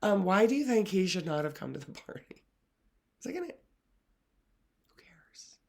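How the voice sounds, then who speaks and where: A woman's voice: fairly low pitch, expressive, a little fast, a little mellow. A woman literacy coach talking reflectively to camera, earnest and emotional, often dropping her voice to a near whisper.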